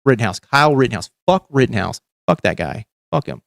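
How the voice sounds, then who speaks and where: A man's voice: medium pitch, lively intonation, a little fast, creaky, no room sound, clean studio sound. Profane, rambling man hosting a livestream. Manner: profane, rambling with many fillers and restarts. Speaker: livestream host. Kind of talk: casual political chat.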